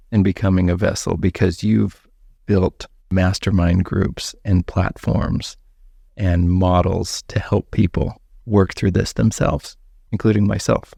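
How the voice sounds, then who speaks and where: A man hosting a podcast, asking reflective questions in an unhurried, casual way. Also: deep voice, vocal fry, a little mellow, breathy edge, no echo, studio quality. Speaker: podcast host. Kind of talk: casual interview chat.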